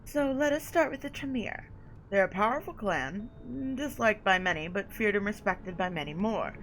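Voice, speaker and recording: A woman's voice: mid-range voice, animated, moderate pace, a bit bright, a little hiss or hum, natural voice, poor audio. A woman voicing a haughty vampire sire. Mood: condescending. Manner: condescending, drawling endearments. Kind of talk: reading game dialogue aloud.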